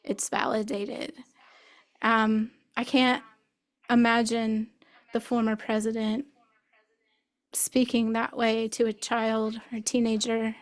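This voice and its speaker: Woman from birmingham, alabama, hosting a poetry event, pretty flat delivery, a bit high voice. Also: slow, pauses often. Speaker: event host and poet.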